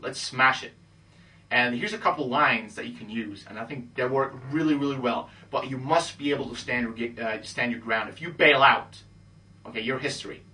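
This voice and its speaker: A man coaching listeners on dating in a confident, matter-of-fact monologue, ending almost every point with a low "okay?". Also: pushed and bright, far from the mic. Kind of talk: instructional monologue.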